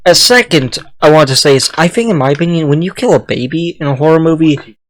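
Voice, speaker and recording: A man's voice: a little high, fast. A young man co-hosting, chatting casually and rambling through his opinions. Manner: rambling, offhand. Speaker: co-host. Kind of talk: casual chat.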